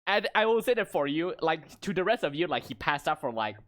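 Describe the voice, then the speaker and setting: A man's voice: on the high side, big pitch swings, a little fast, fairly bright tone. Rambling male game master. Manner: casual, rambling, many fillers. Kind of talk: narrating a tabletop game.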